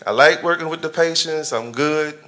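A man gives a personal testimony in a bright, forceful voice. He talks in a casual, conversational way, chuckling often and speaking directly to his church family. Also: on the high side, moderate pace. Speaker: church member giving a testimony.

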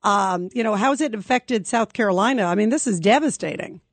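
A woman's voice: mid-range voice, a little fast, no room sound. A woman hosting a talk radio show, taking calls and speaking emphatically and indignantly.

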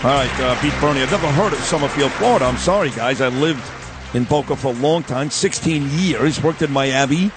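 A man's voice: medium pitch, brisk, music in the background. A man hosting a radio show, joking crudely and quizzing a caller. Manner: brash, profane, teasing.

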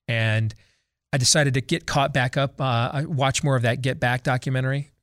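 A man's voice: medium pitch, steady tone, normal speed, a bit bright, no echo. Man, talk show host, casual rambling banter, dry close mic. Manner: loose, conversational, with frequent restarts and asides.

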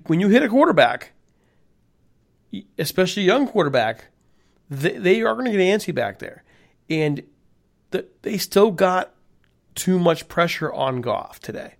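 A man co-hosting a sports podcast, talking in an animated, casual way and laughing easily. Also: fairly high pitch, unhurried, long pauses. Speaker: podcast co-host.

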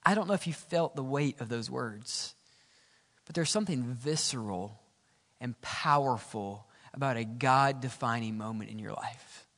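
A middle-aged man preaching a sermon as pastor, building intensity and then dropping to soft, low tones on key lines. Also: measured pace. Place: church sanctuary. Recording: reverberant church sanctuary.

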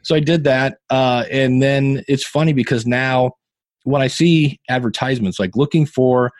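A man in his fifties, a podcasting guest, telling animated, self-deprecating stories in a casual interview. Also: mid-range voice, normal speed, no room sound. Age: 50s.

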